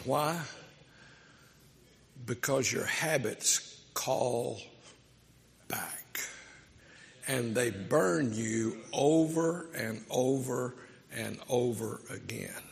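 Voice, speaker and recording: A man's voice: medium pitch, vocal fry, breathy edge, in a large hall. A man preaching a sermon, telling stories in a conversational, emphatic way. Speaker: pastor.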